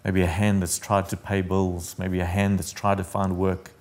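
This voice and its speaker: Low-voiced earnest male pastor. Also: little pitch movement, normal speed, darkish tone. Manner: earnest, intimate preaching, dropping to a near-whisper. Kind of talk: sermon.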